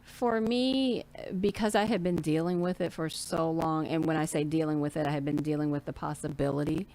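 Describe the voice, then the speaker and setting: A woman's voice: sits low, steady tone, brisk, dark tone. A woman in her forties chatting candidly as an interview guest, telling her story and acting out what people said to her. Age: 40s. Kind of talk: casual interview chat.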